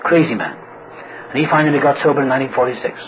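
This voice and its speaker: A man's voice: medium pitch, racing. Man, wry storyteller at a recovery meeting, acts out voices; muffled, hissy recording. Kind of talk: humorous personal story told to an audience. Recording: muffled recording with loud background noise.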